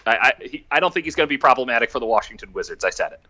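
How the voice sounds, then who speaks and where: A man's voice: mid-range voice, animated, racing, bright, forceful tone, no echo, lo-fi sound. A man chatting casually on a sports podcast, laughing often and restarting his sentences. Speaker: podcast guest.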